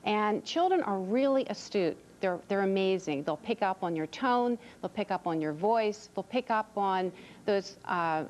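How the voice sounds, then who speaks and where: A woman's voice: mid-range voice, expressive, a little slow, a little mellow, rough recording. A woman author answering interview questions on a TV show in an earnest, reassuring way, often repeating words as she thinks. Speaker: author and parenting expert guest.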